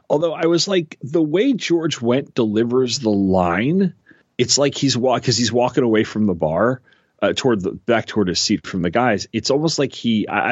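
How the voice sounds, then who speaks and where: Forties male co-host, deeper voice, rambling self-mocking chat. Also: dry recording, lo-fi sound. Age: 40s. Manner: halting, lots of restarts and laughs, self-deprecating. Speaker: podcast co-host. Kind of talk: casual chat.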